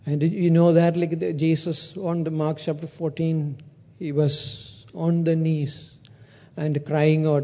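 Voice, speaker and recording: A man's voice: on the high side, level tone, slow, mellow. A man preaching a sermon, retelling a parable with acted-out dialogue and frequent restarts.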